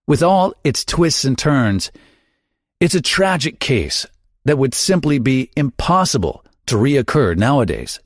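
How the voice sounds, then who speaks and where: A man's voice: mid-range voice, sing-song, a little slow, dry recording. Dry, dramatic true-crime podcast man. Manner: dramatic, wry storytelling. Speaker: podcast host. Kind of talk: scripted true-crime narration.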